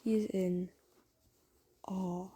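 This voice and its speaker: A woman's voice: mid-range voice, level tone, drawn-out words, warm tone, slightly rough, rough recording. A woman telling a romantic fan story to the listener in a chatty, rambling way full of fillers. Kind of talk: casual spoken fan story.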